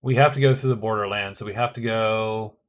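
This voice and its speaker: A man's voice: lowish voice, fairly even intonation, a little fast. A middle-aged man casually narrating his own board game turns, thinking aloud with frequent hesitations and restarts. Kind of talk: casual solo game commentary.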